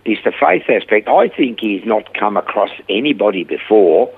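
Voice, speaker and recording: A man, telling stories in an animated way as the guest of an interview about his rehab ministry. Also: on the low side, normal speed, slightly rough. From Australia. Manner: animated storyteller, acting out quoted dialogue. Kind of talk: storytelling interview. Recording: narrow phone-like radio audio.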